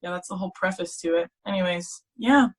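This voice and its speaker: A teenage girl in casual chat, telling her story in an animated way with lots of filler words. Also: on the low side, brisk. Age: teens. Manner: chatty, animated storytelling with many "like"s. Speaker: guest.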